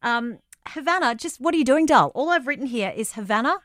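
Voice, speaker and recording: A woman's voice: sits high, expressive, fairly quick, fairly bright tone, no echo. A woman co-hosting a podcast, chatting bluntly and swearing freely while recapping a reality show. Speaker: podcast co-host.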